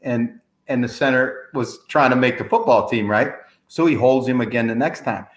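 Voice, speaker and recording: A man hosting a casual interview chat, telling stories with quick asides and lively energy. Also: medium pitch, reverberant. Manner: animated storyteller, quick asides. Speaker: host.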